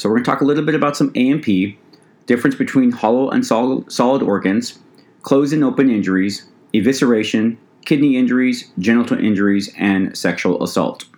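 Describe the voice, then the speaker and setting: A man teaching an EMT class in a recorded lecture, conversational, with the odd stumble and restart. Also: mid-range voice. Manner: conversational teaching, addresses "ladies and gentlemen". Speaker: EMT instructor.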